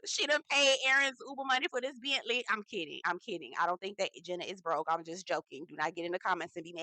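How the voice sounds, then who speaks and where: Sassy, bright-voiced woman recapping TV. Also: on the low side, fairly quick, no echo. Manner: sassy, animated, slangy, calls viewers girl. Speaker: TV review host. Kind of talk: casual chatty recap.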